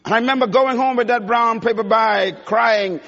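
A man's voice: extremely high pitch, moderate pace, a bit bright. A man giving an emphatic, preacherly motivational speech at a conference, addressing the audience directly. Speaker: conference speaker. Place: large conference hall. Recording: dull sound with long hall reverb.

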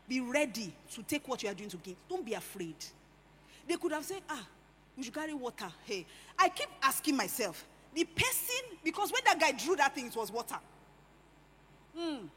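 A woman preaching a sermon, animated, swinging between hushed lines and loud emphatic ones. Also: sits high, normal speed, pauses often, slight background noise. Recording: echoey hall with faint ambience.

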